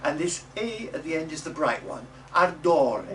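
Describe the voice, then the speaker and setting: A middle-aged man teaching a class how to say Italian words. He models each word slowly for the group to repeat and adds chatty little jokes. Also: on the high side, sing-song, over a noisy crowd. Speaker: early music teacher. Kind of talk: coaching a class in Italian diction. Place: classroom or rehearsal room. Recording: distant mic in a noisy room.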